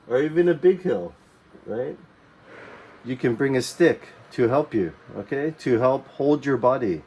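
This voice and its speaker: A man's voice: mid-range voice, darkish tone. A man teaching a geography lesson to young learners, repeating key words and checking understanding with frequent "okay" and "right?".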